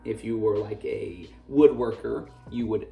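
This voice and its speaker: A man's voice: fairly low pitch, unhurried, vocal fry, mellow. A man teaching a casual history lesson, full of jokey, sarcastic asides. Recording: roomy echo, distant mic, faint music.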